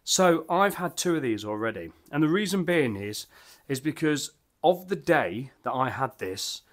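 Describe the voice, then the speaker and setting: A man's voice: a little high, animated, measured pace, fairly bright tone. A man, chatting enthusiastically and rambling as he reviews beer at his home bar. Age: 50s. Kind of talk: casual vlog chat.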